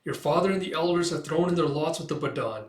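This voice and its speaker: A man's voice: a little high, fast talker, lightly acted. A man voicing an anxious young man who pleads and warns urgently. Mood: earnest. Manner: pleading, insistent. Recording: roomy echo.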